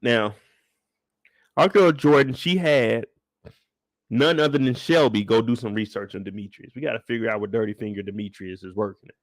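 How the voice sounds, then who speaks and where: A man hosting a casual live show recap, telling it in a profane, animated way. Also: mid-range voice, moderate pace, dry recording, studio quality.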